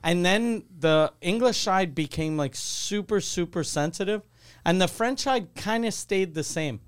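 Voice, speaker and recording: A man who is a comedian, talking in animated, casual banter, swearing freely and mimicking people. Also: high-pitched, a little slow, smooth.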